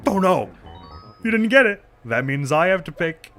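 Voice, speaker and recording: A man voicing a brash male koala camper, loud and pushy, in a game. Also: mid-range voice, animated, fast, faint music behind. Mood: gloating.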